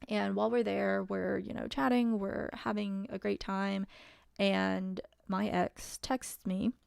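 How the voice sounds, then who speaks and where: A woman's voice: medium pitch, flat delivery, slow pace, vocal fry, a little mellow, clear, resonant tone, no room sound, studio quality. A woman telling a personal story in a casual, wry way, full of fillers. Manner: chatty, wry, many fillers and laughs.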